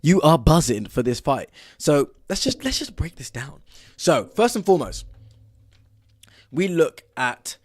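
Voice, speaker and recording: A young man from the south of England with a southern English accent, talking solo as a podcast host in an excitable, energetic way, with frequent fillers. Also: on the high side, a little slow, no echo, studio quality.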